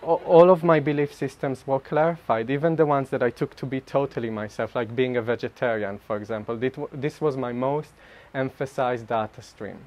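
A man giving a personal spiritual talk to a group, animated and self-mocking, often laughing mid-sentence. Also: mid-range voice, fairly quick, hardly any pauses. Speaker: speaker sharing at a group retreat.

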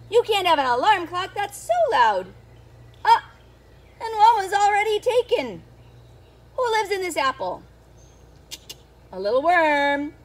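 A woman who is a children's storyteller, reading a picture book aloud to young children in an animated teacher's voice that keeps asking them questions. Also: high voice. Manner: animated, sing-song teacher talk with questions to the kids.

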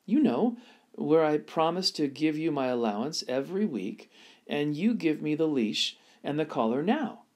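An earnest little girl, eager to please, pleading her case in a raised, bright storybook voice, as a man puts her on while reading aloud. Her voice climbs well above an ordinary speaking tone and swings lively as she talks. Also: fairly high pitch, pitched above the performer's own voice. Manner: pleading, talks fast and sincerely.

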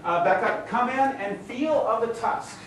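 A woman directing young actors in a play rehearsal, giving brisk, instructive, encouraging cues. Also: on the high side, a little hiss or hum. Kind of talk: coaching a rehearsal. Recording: echoey hall from far off.

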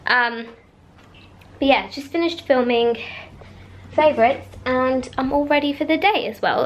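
A woman's voice: fairly high pitch, a little hiss or hum. Chatty young woman vlogging at home. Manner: chatty and gushing, drops into baby talk with pets. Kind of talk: casual vlog chat. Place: bedroom at home.

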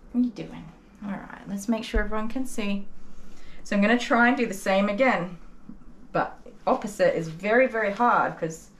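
A young woman dog groomer talking gently and coaxingly to a nervous dog while she works, openly emotional and tender. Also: medium pitch, low-quality recording. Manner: gentle, coaxing, soft-spoken. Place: grooming salon, indoors. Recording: clipper buzz and background noise.

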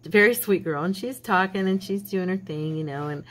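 A woman's voice: mid-range voice, moderate pace, poor audio. A woman hosting a craft channel, chatting and rambling through a story while she works at a home craft table. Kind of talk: casual chat while crafting.

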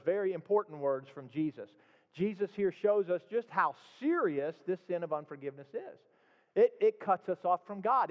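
Male pastor, sermon delivery, scripture read with rising emphasis, slightly dull sound. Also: high voice. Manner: reads scripture aloud with rising emphasis, then explains it. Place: church sanctuary. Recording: dull sound with long hall reverb.

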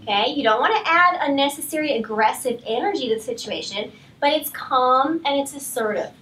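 High-voiced woman trainer, heard from off the mic. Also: a little fast, recorded from a distance, poor audio. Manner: calm, firm commands to dogs mixed with explanation. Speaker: dog trainer. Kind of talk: live training demonstration.

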